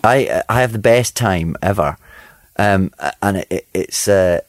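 A man's voice: fairly low pitch, measured pace, no room sound. A Scottish actor talking about his role in an interview soundbite, hesitant with many fillers.

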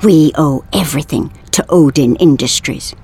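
A woman's voice: sits low, normal speed, dark tone, breathy edge. A woman voicing a blunt, practical male factory worker who talks to his friend in a chummy, exasperated way.

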